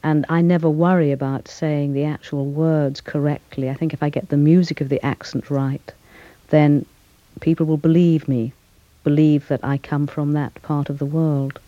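An older actress giving a radio interview, speaking thoughtfully with frequent pauses, fillers and restarts. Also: female voice, low-pitched, steady tone, dry recording, dull audio. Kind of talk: reflective interview conversation.

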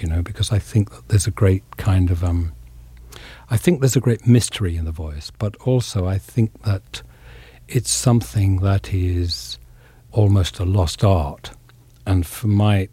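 Deep husky older Englishman, reflective. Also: mellow, no echo. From England. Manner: thoughtful, pausing, many fillers. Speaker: actor, interview guest. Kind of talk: reflective interview talk.

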